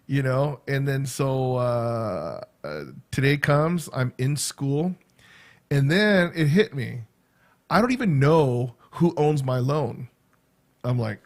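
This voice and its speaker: A man's voice: mid-range voice, unhurried. A man in his fifties telling a rambling, casual story to his viewers, full of fillers and repeated words. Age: 50s. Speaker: vlogger and school teacher. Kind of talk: casual chat.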